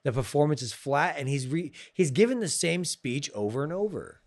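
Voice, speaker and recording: A man's voice: on the high side, big pitch swings, normal speed, no echo, clean studio sound. A man co-hosting a podcast, blunt and sarcastic, swearing freely in casual film talk. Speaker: podcast co-host. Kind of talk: casual film review chat.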